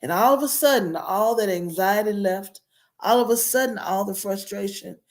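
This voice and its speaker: A woman's voice: medium pitch, moderate pace, a little mellow. A middle-aged woman guest telling her childhood story in an earnest, reflective way. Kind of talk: personal storytelling.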